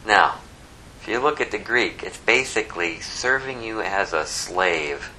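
A man preaching a sermon with a bright, forceful voice. He tells the story in a folksy, animated way, leaning on its drama and asides. A faint noise sits under his voice. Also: on the low side, a little slow, rough recording.

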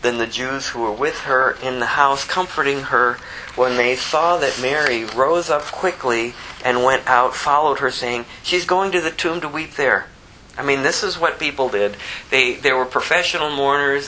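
A man preaching a sermon, moving between impassioned rising emphasis and hushed, slower scripture reading. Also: medium pitch, a little hiss or hum, poor audio. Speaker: pastor.

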